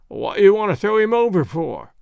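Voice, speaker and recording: A man's voice: on the high side, sing-song, normal speed, no echo, clean studio sound. A man voicing a starving, half-mad sailor who speaks in a querulous, growling way. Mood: surly.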